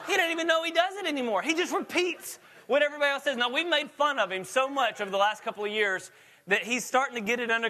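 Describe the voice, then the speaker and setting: A man's voice: very high voice, pushed and bright. A man preaching a sermon in a chatty storytelling way, laughing often as he tells stories. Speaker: pastor.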